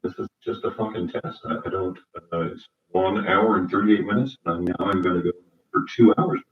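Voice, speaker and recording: A man rambling on a solo livestream from his home cabin, talking into a laptop, halting and restarting often. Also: low-pitched, steady tone, slightly rough, muffled recording. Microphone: laptop microphone.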